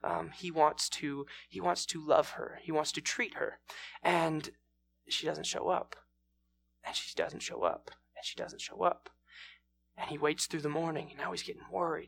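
A man telling a scripture story as a sermon, in a casual style with many pauses. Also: a little high, vocal fry, a little hiss or hum. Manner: informal, with fillers and restarts.

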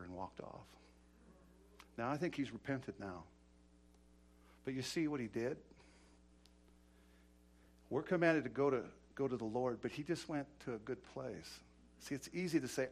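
A man preaching a sermon with passion, swinging from loud urging to quiet, soft-spoken storytelling. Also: mid-range voice, normal speed.

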